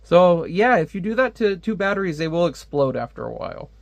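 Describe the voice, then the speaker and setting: Casual comic reviewer, chatty and laughing, slightly high voice. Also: male voice, sing-song, a little fast, creaky, no room sound. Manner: chatty, laughing, many fillers.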